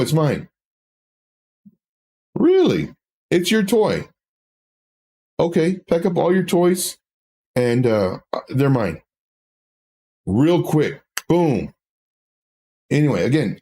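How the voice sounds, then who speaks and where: A man's voice: mid-range voice, mellow. A man hosting a trading livestream, talking in a rambling, casual way with self-mocking asides. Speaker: trading stream host.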